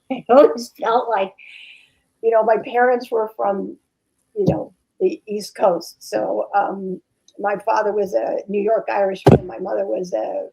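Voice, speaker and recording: A woman's voice: lowish voice, gravelly, mellow, low-quality recording. A woman actress chatting as a guest in an interview, rambling with many fillers and restarts. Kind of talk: casual interview chat.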